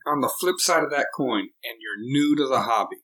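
A man in casual podcast chat, giving measured advice to new tabletop players. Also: mid-range voice, lively intonation, sharp tone, rough recording. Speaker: podcast co-host, tabletop gamer.

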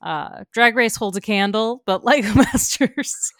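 A woman's voice: a little high, fairly bright tone, no room sound, studio quality. A woman co-hosting a casual pop culture podcast, gushing and laughing easily as she recommends shows. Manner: bubbly, gushing, quick laughs. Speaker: podcast co-host.

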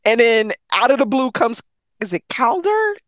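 A woman with a fairly high voice excitedly recaps a book, slipping into quick voices for the characters and swearing freely. The sound is dry and close, with no room around it. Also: no room sound. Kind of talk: casual chat retelling a romance novel plot.

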